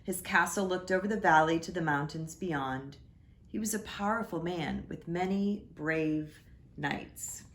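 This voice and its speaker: A woman reading a picture book aloud at church story time, gently pausing to point out the pictures. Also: on the low side.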